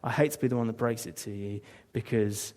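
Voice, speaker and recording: A man with an English accent preaching a sermon in a conversational way, dropping low for asides and briefly putting on mocking voices for quotes. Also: a little fast, a little mellow.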